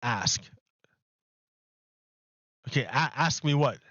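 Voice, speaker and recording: A man's voice: mid-range voice, lively intonation, slow, fairly bright tone, no echo, dull audio. A man livestreaming who talks casually to his chat, repeating and restarting phrases as he builds an argument. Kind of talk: casual live-stream talk to chat.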